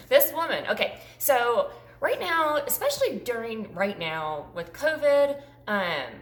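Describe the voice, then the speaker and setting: A woman's voice: fairly high pitch, sing-song, takes it slowly, reverberant. A woman in her forties chatting casually through a tag video, rambling with frequent ums. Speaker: YouTuber.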